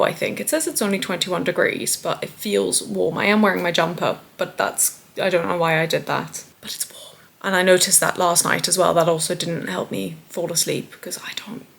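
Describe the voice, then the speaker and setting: A woman's voice: on the low side, gravelly, fairly bright tone. Chatty woman vlogging. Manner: chatty, rambling, self-deprecating. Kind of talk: casual chat to camera.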